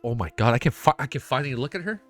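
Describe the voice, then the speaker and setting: A man reacting live on stream, excitable and emotional, cursing often as he talks to chat. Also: mid-range voice, racing, dry recording, soft background music. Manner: excitable, swears a lot, emotional. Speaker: streamer reacting to web novel fan art.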